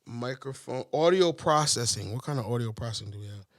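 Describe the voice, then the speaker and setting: Animated, profane man riffing on a podcast. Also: mid-range voice, fairly quick, no echo, studio quality. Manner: rambling, profane, animated, laughs often. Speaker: podcast co-host. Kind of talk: casual comedic podcast chat. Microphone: podcast mixer mic.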